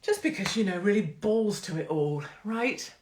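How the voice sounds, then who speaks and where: Here the English host's voice sits in the mid-range with a darkish tone, lively intonation, and a moderate pace. Streaming live from her phone at home, she jokes brashly, curses without restraint, and laughs often, all with a roomy echo around her.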